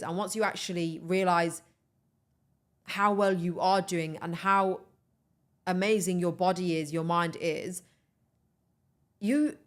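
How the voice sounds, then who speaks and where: Young woman, podcast host, casual motivational chat, animated and eager. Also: lowish voice. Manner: animated, enthusiastic, talks straight to listeners as "guys".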